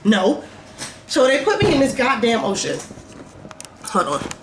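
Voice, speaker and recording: A young woman vlogger telling a casual storytime, animated and swearing as she acts out her own reactions. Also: a little high, a little slow. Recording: echoey room, faint noise.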